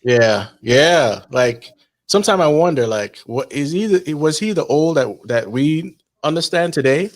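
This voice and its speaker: A man's voice: on the high side, animated, measured pace. A man hosting a casual political chat, who talks in a rambling, hesitant way. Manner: rambling, hesitant, checking screens.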